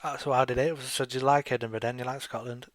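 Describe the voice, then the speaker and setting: Brief: male talk-show host, halting and filler-heavy, blunt, dry close-miked voice. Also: medium pitch, little pitch movement, no echo. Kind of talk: casual online chat.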